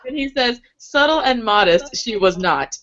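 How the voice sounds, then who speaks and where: A woman's voice: fairly high pitch, moderate pace. A young woman co-hosting a book club chat, reading passages aloud and laughing as she goes. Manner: animated, laughs while reading. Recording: dull lo-fi webcam audio.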